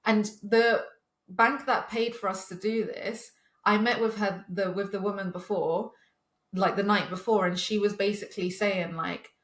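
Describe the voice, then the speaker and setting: A woman's voice: mid-range voice, steady tone, measured pace, reverberant. Chatty young woman telling a story. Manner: chatty storytelling, swears, laughs often. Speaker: podcast co-host. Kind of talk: casual chat.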